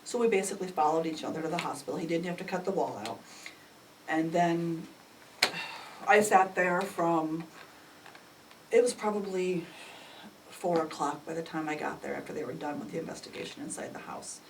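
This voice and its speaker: A middle-aged woman recounting a family crisis in an emotional, animated way, acting out the dialogue with sudden jumps in pitch. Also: normal speed, long pauses. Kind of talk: emotional personal storytelling. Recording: distant mic with faint ambient noise.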